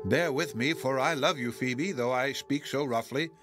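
A man voicing an agitated, tearful old gentlewoman who pleads in trembling, urgent, hushed tones. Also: medium pitch, moderate pace, faint music behind, close to an everyday voice. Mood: pleading.

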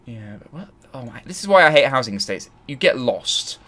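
A man's voice: mid-range voice, big pitch swings, brisk, pushed and bright. A man hosting a let's play, thinking aloud and grumbling as he searches. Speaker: gaming channel host.

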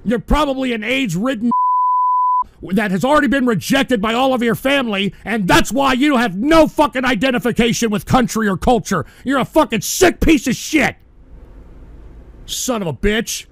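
A man hosting a live-streamed radio show, ranting angrily at his chat in an aggressive, profane, yelling manner. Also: very high voice, animated, moderate pace, gravelly, no room sound. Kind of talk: angry ranting monologue at chat.

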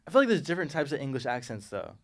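A man's voice: medium pitch, very animated, very fast. A man co-hosting a comedy podcast, chatting casually and asking questions. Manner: laid-back, asks questions, tries accents. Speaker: podcast co-host.

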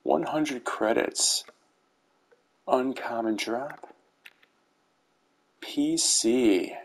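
Talking extremely slowly in a mid-range voice with vocal fry, a middle-aged YouTuber comments casually on game rewards over gameplay footage, with a dry dad-joke sense of humor. Faint background music plays, and the recording is low quality.

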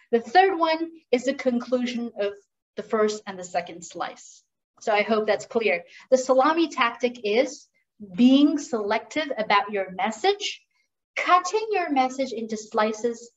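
Woman, communication trainer, energetic, asks the audience questions, slightly high voice, lo-fi online recording. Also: distant mic. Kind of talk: interactive online workshop talk.

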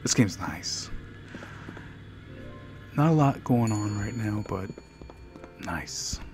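A man's voice: fairly low pitch, animated, slow. A man casually commenting on his own gameplay, joking and chatting to game characters and to himself. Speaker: gaming video host. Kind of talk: casual let's play commentary. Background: faint game music.

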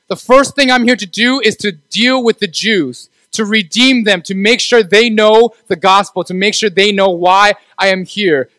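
Male youth pastor, conversational sermon delivery, higher register, dry close sound. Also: a bit bright, no room sound, rough recording. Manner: conversational, asks the room for agreement. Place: church.

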